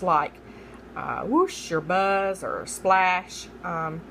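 A young adult woman makes a study guide by reading poetry terms aloud, repeating each term and spelling names out letter by letter. She stumbles and corrects herself along the way. Her medium-pitched voice is a bit bright, and the poor audio carries a little hiss or hum.

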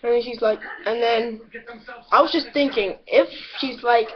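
A man's voice: very high voice, moderate pace. A teenage boy rambling crudely and boastfully in a casual video monologue. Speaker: vlogger. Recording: dull audio with background chatter.

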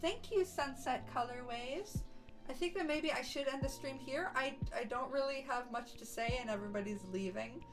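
Over music, a young woman with a high-pitched voice talks at normal speed during a casual VTuber live stream from home. She's chatty and bubbly with her viewers and coos baby talk at her dogs. The audio is poor.

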